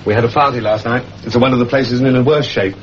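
A man's voice: mid-range voice, steady tone, quick pace, muffled recording, noisy background. A man narrating a 1970s TV advert in a friendly, chatty way.

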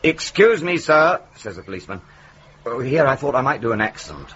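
An actor playing a pompous, fussy teacher who earnestly tells a flat joke. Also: male voice, mid-range voice, brisk. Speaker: schoolteacher. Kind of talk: television comedy-drama acting. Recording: dull lo-fi TV sound, faint hiss.

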